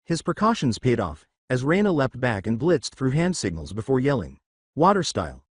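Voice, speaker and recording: A man narrating a fan fiction story aloud in a steady reading manner. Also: mid-range voice, moderate pace, breathy edge, dry recording, clean studio sound.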